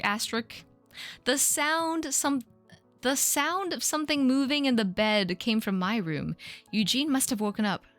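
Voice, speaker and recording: A woman in her thirties reads her old fan fiction aloud on a live stream. Her voice is animated, with wide pitch swings and squeaky sound effects. Faint music plays underneath. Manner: self-mocking, laughing, jumps into squeaky sound effects and voices. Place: home streaming setup.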